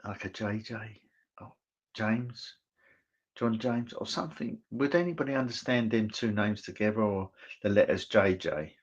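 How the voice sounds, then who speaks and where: A man serving as a spiritualist medium, giving clairvoyant messages in a church service. He speaks in a gentle, reassuring way, halting often and checking in with "okay?". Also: lowish voice, breathy edge, muffled recording.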